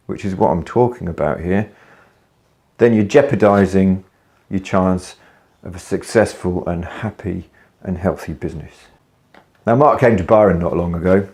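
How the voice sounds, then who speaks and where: A blunt man with a somewhat low voice talks straight to camera as a business coach. He tells stories casually and swears without a second thought. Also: darkish tone. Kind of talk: casual video talk to camera.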